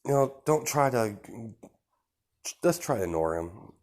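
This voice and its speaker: A man voicing a gentle, caring adult mother who speaks softly to her son. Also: mid-range voice, very animated, measured pace.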